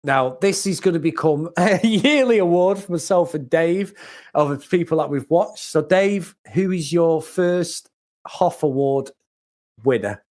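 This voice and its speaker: A young British man co-hosting a podcast, animated and laughing often as he chats. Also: a little high, unhurried. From Britain. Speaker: podcast co-host. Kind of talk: casual chat.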